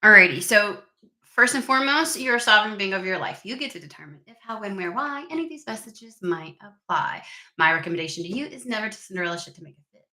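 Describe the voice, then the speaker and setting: Rambly woman doing a tarot check-in, bright voice, swears casually, allergy season. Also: mid-range voice, expressive, fast, roomy sound. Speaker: tarot reader. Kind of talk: casual tarot reading vlog.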